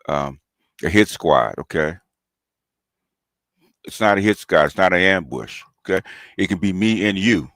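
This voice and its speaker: A man's voice: low voice, fairly bright tone, no room sound, studio quality. A man, hosting a channel and delivering a combative, taunting call-out rant, often tossing in "okay?". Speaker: commentary channel host.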